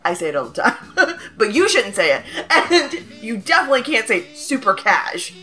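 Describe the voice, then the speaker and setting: A woman chatting casually with a bright, forceful tone. She talks in an animated, sarcastic way and laughs often. Faint music sits behind her voice. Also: a little high, moderate pace. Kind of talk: casual chat.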